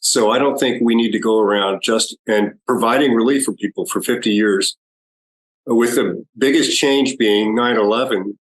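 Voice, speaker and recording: A man, a guest on a podcast interview, building a measured argument with many pauses. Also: fairly low pitch, rough recording. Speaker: guest expert.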